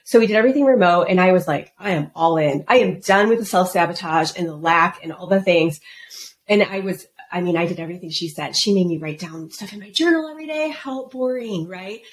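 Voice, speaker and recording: Brief: middle-aged woman coach, lively storyteller, mimics quoted voices, faint hiss behind. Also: lowish voice, brisk. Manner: animated, acts out quoted voices. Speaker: guest, business coach. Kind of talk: casual podcast storytelling.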